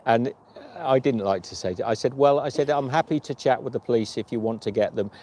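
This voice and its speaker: A man's voice: medium pitch, a little fast, dark tone. Chatty man telling anecdotes. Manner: chatty anecdotes acting out quoted dialogue. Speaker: vlogger and long-distance hiker. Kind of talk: livestream storytelling chat.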